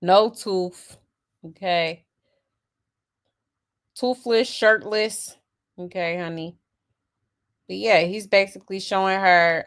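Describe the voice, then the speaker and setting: A woman's voice: medium pitch, slow pace, long pauses. A woman hosting a casual celebrity gossip commentary, sassy and exasperated, reading out viewer comments and laughing along. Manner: sassy, exasperated, full of asides.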